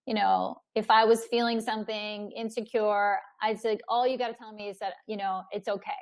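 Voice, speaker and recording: A woman hosting an interview, with a fairly high voice. She chats casually and warmly, relating to her guest, over a video call. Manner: warm, relatable, quick to agree. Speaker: host.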